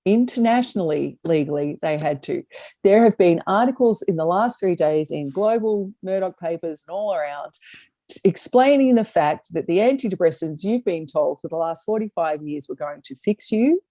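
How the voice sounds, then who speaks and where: A woman's voice: on the low side, lively intonation, normal speed, dark tone, no echo. A woman co-hosting a casual comedy chat over a video call, telling stories and laughing often. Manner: chatty storyteller, laughs often. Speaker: co-host.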